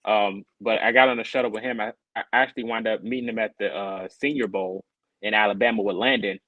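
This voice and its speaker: This co-host's voice sits lowish and moves fairly quickly, heard through phone-quality sound with no room ambience. He's telling a long story in relaxed podcast banter, animated as he mimics the people he quotes.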